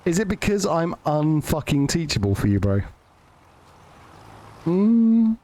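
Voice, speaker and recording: Lively, sweary gaming streamer guy. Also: on the high side, slow. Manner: joking, sweary, rambling with restarts. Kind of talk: casual live-stream chat.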